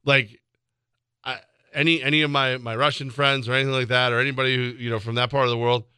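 A man's voice: mid-range voice, flat delivery, fast, sharp tone, clean tone, no room sound. A man co-hosting sports talk radio, joking and sarcastic in banter on a studio microphone. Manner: joking, sarcastic, laughs along.

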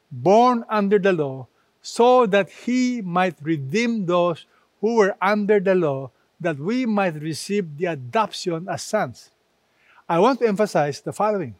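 A man delivers a sermon in an unhurried, emphatic way, leaning on repetition as he quotes scripture. His voice sits a little high for a man. The sound is dry and close. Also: lively intonation, no echo. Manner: slow, emphatic preaching with repeated phrases. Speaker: preacher.

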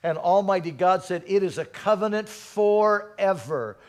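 A male pastor preaching a sermon, calling out to the congregation and swinging from soft murmurs to loud exhortation. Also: high-pitched, a little slow. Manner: preaching with call-and-response and dramatic swings in volume.

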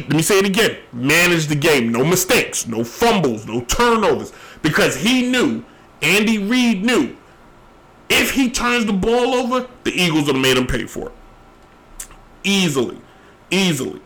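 Man, solo sports host, emphatic, rambling, slightly worn voice, fairly high pitch. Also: a bit bright, poor audio. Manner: emphatic, repeats phrases, rambling asides. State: losing his voice, tired. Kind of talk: opinionated solo sports commentary.

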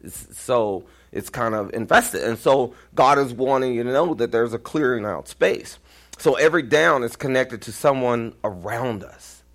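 A man with a Texan accent preaches to his congregation in a lively, storytelling way. His pitch swings widely as he acts out the voices in his stories, and at times he nearly shouts. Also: moderate pace. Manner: animated, jumps into quoted voices, sometimes near-shouting. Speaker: pastor. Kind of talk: storytelling sermon.

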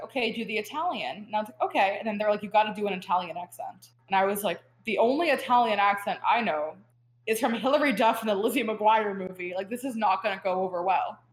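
Chatty young woman in an echoey room. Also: medium pitch. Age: young adult. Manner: chatty, filler-heavy, laughing storyteller. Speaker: guest student. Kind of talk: casual chat.

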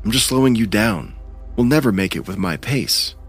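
A man doing a hurt young man in an audio horror story, low-voiced and strained with pain. His despair carries through every line, and faint music plays underneath. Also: expressive, moderate pace, slightly rough. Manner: strained, pained delivery.

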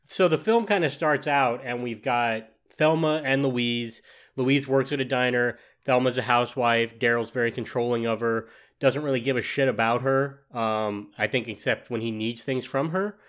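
A man co-hosting a casual podcast, calmly recapping the story of a movie in plain words. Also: mid-range voice, moderate pace. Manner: relaxed, plain-spoken, retells scenes. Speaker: podcast co-host. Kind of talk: casual film discussion.

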